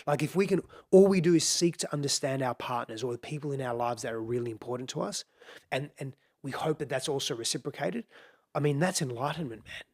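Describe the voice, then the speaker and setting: A man's voice: medium pitch, expressive, fast, darkish tone. A middle-aged man speaking as a podcast guest, explaining in an earnest, reflective way and repeating phrases for emphasis.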